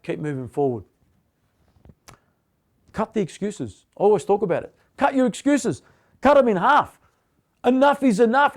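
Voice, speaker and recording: A man's voice: high-pitched, a little mellow. A middle-aged man, giving blunt, punchy motivational talk to viewers and repeating short commands. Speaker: motivational host.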